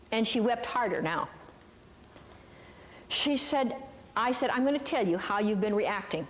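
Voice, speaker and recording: Speaking in a large hall before a live audience, the older woman teaches a Christian ministry lesson in a folksy, chatty way, weaving in stories, asides, and questions for the crowd. Her voice is a little high and expressive, at a moderate pace with frequent pauses.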